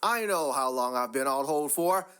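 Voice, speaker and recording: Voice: medium pitch, lively intonation, moderate pace, a bit bright, clean tone, close to an everyday voice. A reader voicing a rude entitled woman customer. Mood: demanding. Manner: curt, profane, demanding.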